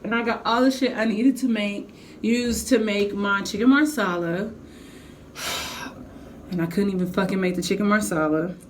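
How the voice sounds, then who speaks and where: A woman's voice: medium pitch, brisk, slight background noise. A young adult woman telling a heated storytime to her vlog viewers, venting with blunt, profane language. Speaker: vlogger.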